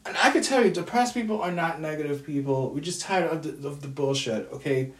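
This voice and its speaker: Speaking briskly in a slightly high register, a man films himself venting, swearing and repeating his points in frustration. The vlogger is recorded from afar, with a roomy echo.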